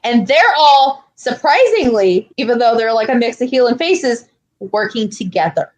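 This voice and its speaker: A woman's voice: on the high side, lively intonation, moderate pace. A woman co-hosting a podcast in casual chat, telling a story with animation and acting out quotes. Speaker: podcast co-host.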